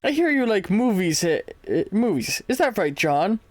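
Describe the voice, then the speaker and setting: A man's voice: high-pitched, sing-song, normal speed, dry recording, voice pushed up. A man voicing a posh, jovial young adventurer in a put-on British accent, reading comic dialogue aloud in a hearty, chummy way and sometimes stumbling over the lines.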